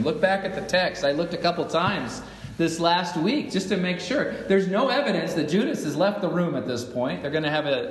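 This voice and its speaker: A man's voice: a little high, slight background noise. Middle-aged guy preaching in church, chatty, asks the crowd stuff, big echoey hall sound. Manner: conversational, asks the congregation questions. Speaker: pastor. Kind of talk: sermon. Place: church sanctuary. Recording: echoey hall, mic at a distance.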